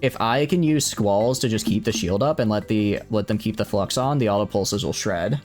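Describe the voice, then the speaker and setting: A man streaming a game live, thinking aloud excitably and chatting with viewers, with hiccups. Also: fairly low pitch, moderate pace, faint music behind. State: has hiccups. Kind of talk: live gameplay commentary.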